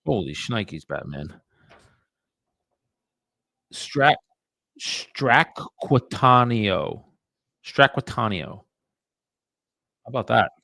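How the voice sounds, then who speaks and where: Real estate guy on a live stream, low gravelly voice, chatty mutters to viewers, dry sound. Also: sing-song, slow pace, long pauses, a bit bright, dry recording. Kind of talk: live-streamed cold calling with commentary.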